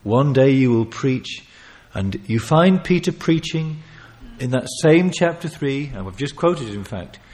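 A man preaching a sermon, earnest and pleading, swinging from loud emphasis to hushed, near-whispered passages. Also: medium pitch, expressive, unhurried, few pauses.

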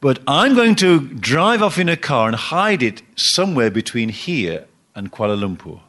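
A man preaching a sermon, swinging between emphatic rising exhortation and quiet, low asides. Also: big pitch swings, normal speed.

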